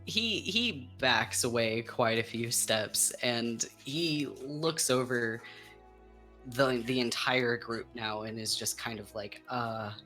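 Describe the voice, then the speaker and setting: A man narrating a tabletop game as game master, slow and halting, with small restarts. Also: mid-range voice, bright, forceful tone, faint music behind.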